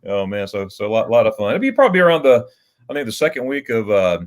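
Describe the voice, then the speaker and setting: A man's voice: medium pitch, big pitch swings, quick pace. A man hosting a casual livestream chat, telling rambling stories with restarts and chuckles. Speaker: livestream host.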